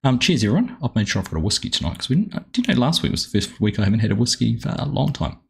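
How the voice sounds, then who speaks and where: A man's voice: medium pitch, very animated, racing, gravelly, breathy edge. An Australian man chatting casually on a live game stream, rambling as he sets up and greeting viewers one by one.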